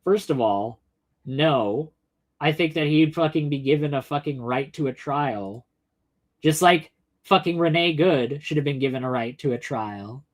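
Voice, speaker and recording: A woman's voice: low voice, expressive, unhurried. A woman hosting a livestream, delivering an angry, profane and sarcastic political rant while addressing chat commenters by name. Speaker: livestream host answering chat.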